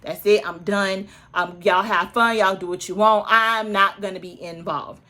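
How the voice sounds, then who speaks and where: A woman's voice: mid-range voice, steady tone, measured pace, bright, forceful tone. A woman in her early thirties hosting a casual recap, chatty and opinionated, with asides to her viewers. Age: early 30s. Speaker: reality TV recap host.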